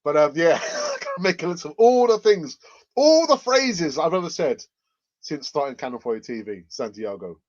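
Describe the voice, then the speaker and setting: A man's voice: fairly high pitch, sing-song, moderate pace, a little mellow. Man, fan channel host, casual repetitive chatter, a bit of a cough, muffled audio. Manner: rambling, repeats phrases, many fillers. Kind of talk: casual live chat reading comments.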